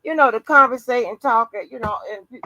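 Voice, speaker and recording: A woman's voice: a little high, quick pace, over a noisy crowd, rough recording. A woman hosting a live chat stream who talks loosely, stammers, and laughs often. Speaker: host. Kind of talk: casual chat.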